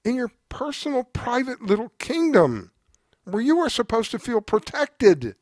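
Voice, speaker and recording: A man with a notably high voice carries a heated commentary monologue as host. He sounds exasperated and emphatic, and he circles back over his points. The recording is close and dry, with no room sound. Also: sing-song, a little slow, a little mellow, dry recording. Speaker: show host.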